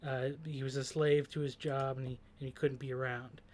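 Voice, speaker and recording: In a mid-range, slightly mellow voice, a host reflects on song lyrics at a moderate pace and in a level tone. The commentary is thoughtful and hesitant, full of fillers and restarts.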